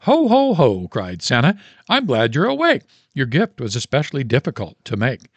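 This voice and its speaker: A man's voice: wildly swooping pitch, moderate pace, no echo. A man reading a poem aloud and voicing a jolly, wise old Santa Claus in a cheerful, raised voice. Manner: cheerful storybook voice, higher than usual.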